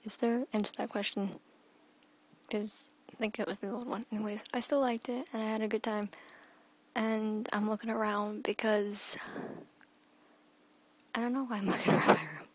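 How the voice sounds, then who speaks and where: A woman's voice: mid-range voice, fairly even intonation, moderate pace, pauses often, breathy edge, rough recording. A young woman in her teens chatting in a rambling daily vlog from her bedroom, often dropping into a whisper, filmed on a phone held at arm's length. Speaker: vlogger.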